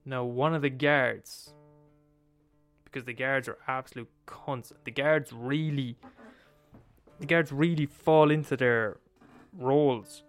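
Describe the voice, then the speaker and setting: A man's voice: medium pitch, fairly even intonation, takes it slowly, clear, resonant tone, soft background music. A man with an Irish accent retelling a story in a casual, profane, repetitive, conversational way.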